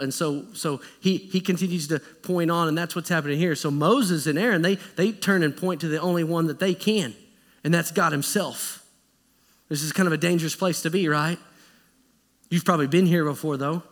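A man preaching a sermon as pastor, in a conversational, animated style that acts out quotes. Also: fairly high pitch, normal speed. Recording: echoey church hall.

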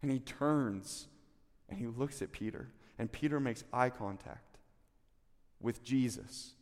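A man preaching a sermon as pastor, telling the story with animated delivery and acting out the quotes. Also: mid-range voice, slow, big-room sound.

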